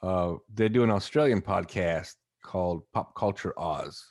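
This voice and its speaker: A man co-hosting a podcast in casual chat, calmly passing on a recommendation. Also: low voice, a little slow, no room sound, studio quality. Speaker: podcast co-host.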